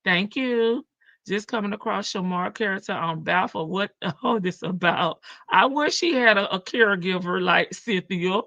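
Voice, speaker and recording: A woman's voice: mid-range voice, moderate pace, a bit bright, highs cut off. A woman with a country Southern drawl hosting a casual livestream, chatting, laughing and reading viewer comments. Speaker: livestream reaction host.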